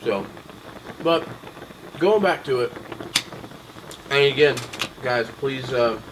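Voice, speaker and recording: A man's voice: medium pitch, animated, slow pace, fairly bright tone, slight background noise, poor audio. A young adult man hosting a casual chat, rambling with lots of ums and restarts. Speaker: podcast host.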